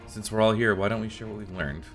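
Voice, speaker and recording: A man's voice: on the low side, fast, a bit bright, soft background music, pitched above the performer's own voice, close to an everyday voice. A man voicing a prim male scholar in a fantasy game, speaking in a formal, precise way.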